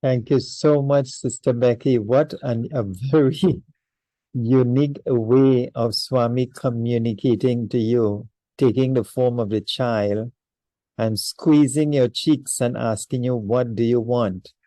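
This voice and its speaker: A man hosting an interview, gently thanking his guest and asking a measured follow-up question. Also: mid-range voice, fairly even intonation, no echo, low-quality recording. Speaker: interview host.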